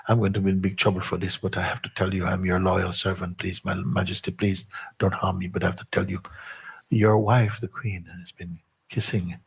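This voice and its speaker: A man playing a nervous, loyal minister who stammers and pleads while reporting bad news, in a low, husky voice. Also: little pitch movement, fairly quick, heavily acted. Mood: anxious.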